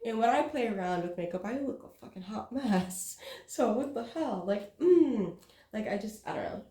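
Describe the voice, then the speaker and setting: Woman vlogger, candid and profane, soft mellow voice, echoey room sound. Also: fairly high pitch, expressive, normal speed. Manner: frank, swears freely, filler-heavy. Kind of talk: candid casual vlog.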